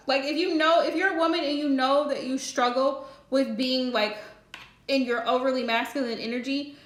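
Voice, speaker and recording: A woman's voice: sits high, fairly bright tone, reverberant. A woman hosting a live stream and giving relationship advice in a chatty, direct way, laughing often. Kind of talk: casual live-stream chat.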